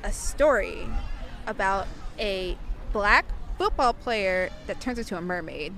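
A young woman in her twenties being interviewed and telling a story casually, animated and full of "like" fillers. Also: mid-range voice, measured pace, faint music behind, some chatter behind.

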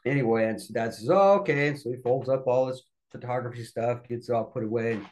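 A middle-aged man who is a podcast guest, telling family anecdotes casually and lively, acting out other people's voices along the way. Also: mid-range voice, fast, poor audio. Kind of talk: casual storytelling.

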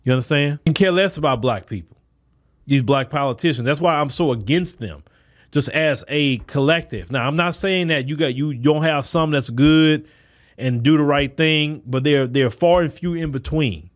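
A man hosts a solo podcast commentary, speaking bluntly and emphatically. His voice sits a bit higher than most men's. He often repeats and restarts words as he drives his points home. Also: normal speed. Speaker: podcast host. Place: Texas.

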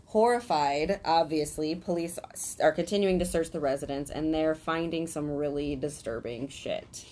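Low-voiced woman telling a crime story. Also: moderate pace, mellow. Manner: blunt, swears casually, dry reactions. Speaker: podcast co-host telling a true crime story. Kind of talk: casual podcast storytelling.

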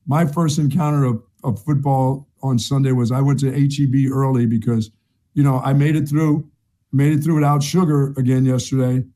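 A man's voice: mid-range voice, steady tone, normal speed, mellow. A middle-aged man co-hosting a sports talk show, telling a long story in a chatty way, repeating himself and laughing at his own tale. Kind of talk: casual sports chat, storytelling.

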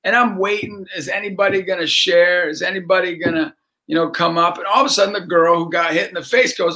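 A man's voice: sits high, steady tone, quick pace. A middle-aged man, a motivational speaker and basketball coach, telling a story with lots of energy and acting out the voices of the people in it. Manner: acts out voices in his stories, shouting and laughing. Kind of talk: animated storytelling.

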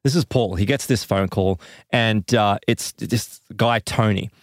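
A man casually telling a strange story to a co-host, animated and laughing as he acts out quoted voices. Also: lowish voice, unhurried, dry recording, studio quality.

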